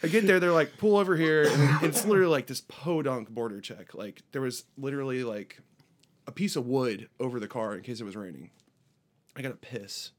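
A man in casual conversation, telling a long story with lively energy. He speaks at a middle pitch and lifts his voice when he mimics other people. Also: brisk, a little hiss or hum. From United States. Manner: animated anecdote teller, voices border guards with raised pitch. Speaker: musician guest.

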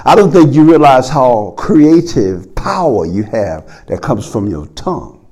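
Lively, slow-preaching male pastor. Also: husky. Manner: preaching with sweeping swings between loud calls and low murmurs. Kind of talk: sermon.

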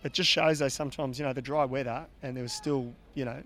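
An Australian man, a former pro rider, co-hosting a cycling podcast in a relaxed, chatty way that often repeats words as he thinks. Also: mid-range voice, fast. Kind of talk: casual podcast chat.

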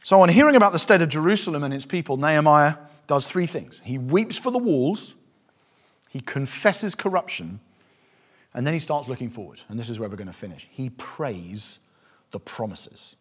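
A male preacher giving a sermon with passion, swinging from hushed, reflective stretches to loud, fervent appeals. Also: a little high, animated, normal speed.

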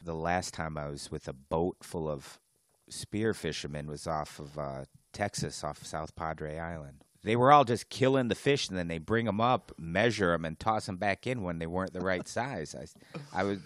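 Male podcast co-host, lower voice, wry and teasing; dry close-mic sound. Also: moderate pace, dry recording. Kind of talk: casual podcast chat.

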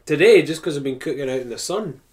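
A man's voice: on the high side, animated, quick pace, a little mellow. A man, a podcast guest telling a rambling, chatty story full of restarts. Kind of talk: casual chat, anecdote telling.

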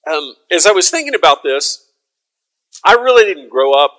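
A man preaching a sermon, conversational and casual, then rising to loud proclaiming. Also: high-pitched, sing-song, normal speed, low-quality recording. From American South. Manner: conversational, swings from soft asides to loud proclaiming.

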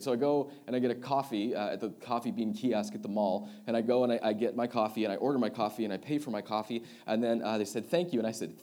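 A young man preaching as a youth pastor, telling a story from his own life. His delivery is animated and conversational, building loud and excited in the comic parts, then dropping low and earnest when he makes his point. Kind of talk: sermon with personal story.

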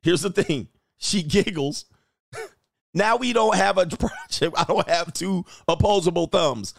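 Speaking a little slowly in a fairly high, gravelly voice, a male dating coach delivers profane, blunt reactions. Mocking rhetorical questions and laughter at his own points fill the commentary. The audio is close and dry, without echo.

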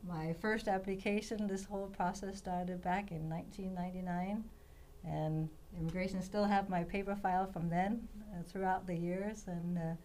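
A woman's voice: on the low side, darkish tone, a little hiss or hum. A woman in her fifties from Denmark, a guest on a radio show, telling her story in an earnest way. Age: 50s. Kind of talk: casual radio interview.

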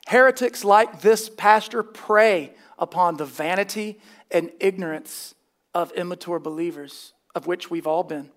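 A man preaching a sermon, emphatic and dryly scornful, mixing plain teaching with wry asides. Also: high voice. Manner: emphatic, scornful of false teaching, dry humor.

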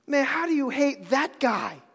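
A man's voice: very high voice, big pitch swings, unhurried, a bit bright, long reverb tail. A man preaching a sermon, with emphatic repetition and casual slang.

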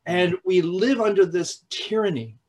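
A man preaching a sermon in a halting way, with repeated words and restarts, at times dropping to a hushed, slow voice for emphasis. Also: high voice, poor audio. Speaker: pastor.

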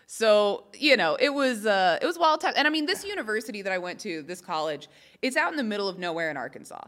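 Woman, from Texas, young adult, bright voice, frank storyteller, casual podcast chat. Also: medium pitch, very animated, fast. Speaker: comedian guest.

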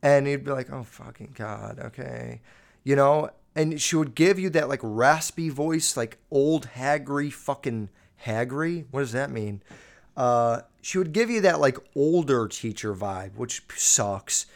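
A young podcast host with a medium-pitched voice speaks a little slowly, telling rambling, crude stories about his school years in a casual monologue. He swears constantly.

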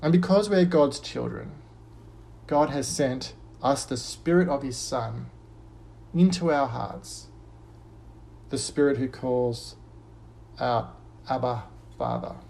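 A man preaching an earnest sermon, lifting his voice on quoted verses and dropping low and soft on a repeated refrain. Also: slow pace, vocal fry, pauses often.

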